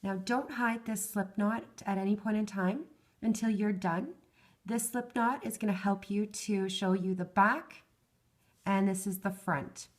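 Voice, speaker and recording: This woman's mid-range voice is fairly flat in intonation and a little slow, and it is worn and fading because she is losing it. She patiently explains each hand movement in a step-by-step craft tutorial, counting the stitches aloud.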